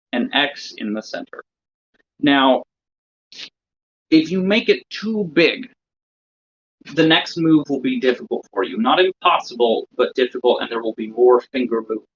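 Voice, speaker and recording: A man's voice: medium pitch, fairly bright tone. Man teaching a magic routine. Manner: explains step by step, checks in with "okay?". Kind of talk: instructional lecture. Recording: slightly dull lo-fi recording.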